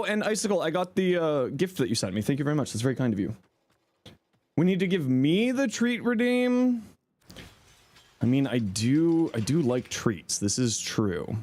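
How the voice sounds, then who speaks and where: Man, game streamer, slightly hoarse, sleepy and laid-back, lively up-and-down voice, casual stream chat. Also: high-pitched, normal speed. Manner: playful, greeting viewers one by one.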